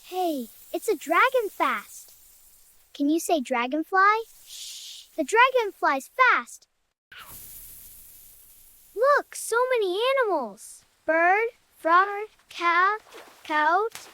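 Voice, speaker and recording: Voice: very high-pitched, animated, drawn-out words, pauses often, sharp tone, no room sound, heavily acted. A performer voicing a cheerful little cartoon kid who teaches toddlers animal names in a sing-song way and asks them to repeat the words. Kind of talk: children's educational cartoon narration.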